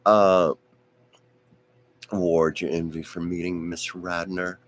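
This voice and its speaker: Low-voiced man with a strained voice. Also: little pitch movement, slow. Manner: rambling, anecdotal, with frequent asides and restarts. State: voice strained and fading. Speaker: host. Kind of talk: casual storytelling on a live stream.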